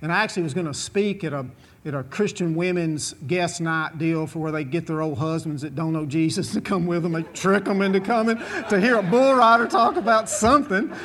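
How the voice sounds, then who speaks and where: A man's voice: fairly high pitch, brisk, a bit bright. A man, a former bull rider telling a long folksy story to an audience, drawling and chuckling as he goes. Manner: drawling, chuckling, repetitive restarts.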